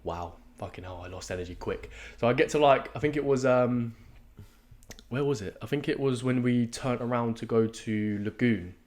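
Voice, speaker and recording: A young man, telling a race story in casual podcast chat, swearing freely and acting out his own shouts. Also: mid-range voice, moderate pace. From England. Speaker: podcast co-host. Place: podcast studio.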